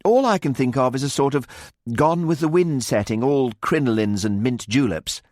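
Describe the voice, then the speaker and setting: A man voicing a rude, sharp-tongued young woman who speaks harshly and quickly. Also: medium pitch, no room sound, studio quality, pitched above the performer's own voice, close to an everyday voice. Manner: harsh, fast, needling delivery.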